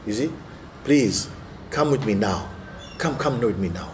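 Man playing a loyal friend, soft and reassuring, kinda warm-hearted. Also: mid-range voice, lively intonation, a little slow, slight background noise, lightly acted. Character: loyal man returning home to a friend's widow.

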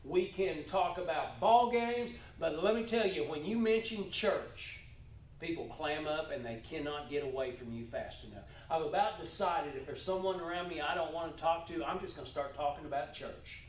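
High-voiced folksy preacher in echoey church. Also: male voice, moderate pace, a little hiss or hum. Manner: folksy, animated, jokey asides, repeats words. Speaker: pastor. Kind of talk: sermon. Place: church sanctuary. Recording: echoey church hall, mic at distance.

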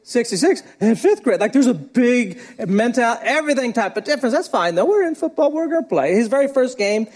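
Middle-aged male pastor, very high voice, storytelling sermon delivery with laughs. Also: animated, a little fast, hardly any pauses, darkish tone.

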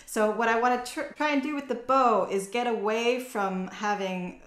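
A woman giving a cello masterclass, explaining in a relaxed way with many fillers and restarts. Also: fairly high pitch, moderate pace. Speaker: cello teacher. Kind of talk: online masterclass. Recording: echoey room with cello playing.

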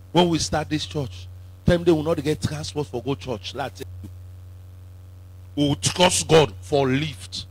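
Preacher man, high husky voice, call and response, shouty then muttering. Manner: emphatic call-and-response preaching, swinging from shouts to low asides. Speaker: apostle preaching. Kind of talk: sermon.

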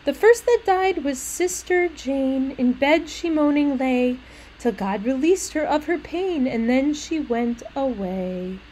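A bright, childlike little girl chanting her lines in a lilting sing-song, as a woman reads her aloud. The voice sits high and lifts brightly. A faint hum of noise lies underneath. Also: lively intonation, slow pace, poor audio.

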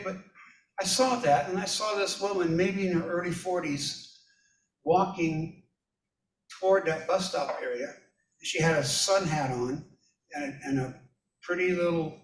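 A man preaching a relaxed, story-driven sermon with a fairly high voice. He sounds a little distant from the microphone, and the room around him is echoey and reverberant. His folksy manner sounds like he is chatting with the congregation. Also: a little hiss or hum. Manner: folksy, personal anecdotes addressed to listeners. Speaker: pastor.

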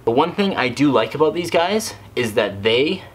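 A man's voice: mid-range voice, sing-song, normal speed, breathy edge. A young man reviewing a cosplay mask on camera, chatty and rambling with lots of fillers. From Canada. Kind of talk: casual product review.

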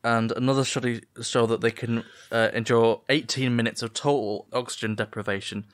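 A man's voice: medium pitch, steady tone, normal speed. A man co-hosting a comedy podcast, chatting casually and joking, with frequent fillers and restarts. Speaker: podcast co-host.

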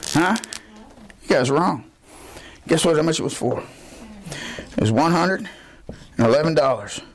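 A man's voice: on the high side, lively intonation, moderate pace. Folksy preacher man. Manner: calls out questions to the congregation; folksy storytelling. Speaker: pastor. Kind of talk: Baptist sermon.

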